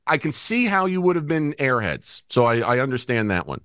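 Male podcast host, jokey banter, animated delivery. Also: medium pitch, brisk, clean tone. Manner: joking, playful banter. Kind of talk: casual chat.

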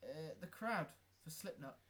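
A man's voice: a little high, expressive, unhurried, fairly bright tone. A young man ranting about gigs. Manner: sarcastic, swearing ranter. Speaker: podcast co-host. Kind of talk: casual chat.

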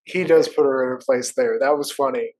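A man's voice: medium pitch, fairly quick, a little mellow. Man making dry joking asides. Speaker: podcast co-host. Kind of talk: casual book discussion.

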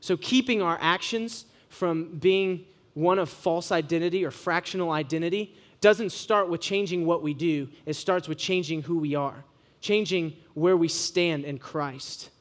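A young man from Ohio, preaching to students in a casual, joking sermon full of animated storytelling. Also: a little high, a little slow. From Ohio, USA.

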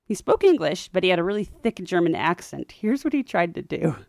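Low-voiced woman telling history casually. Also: brisk, creaky, no room sound, studio quality. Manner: wry, chatty, animated asides. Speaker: podcast co-host.

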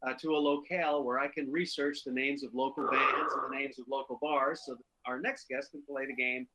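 A man's voice: mid-range voice, steady tone, brisk, pushed and bright, slight background noise, poor audio. A man with an upstate New York accent hosting a casual chat, rambling with many fillers. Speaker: host.

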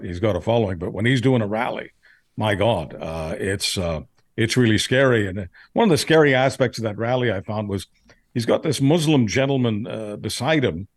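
A man giving blunt political commentary in casual podcast chat, measured with frequent fillers. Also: on the low side, no echo, clean studio sound.

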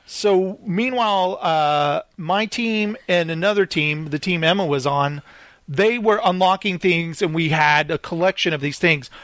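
High-voiced man telling a story. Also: unhurried, dry recording. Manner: animated, acts out the people in his stories. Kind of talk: casual storytelling chat.

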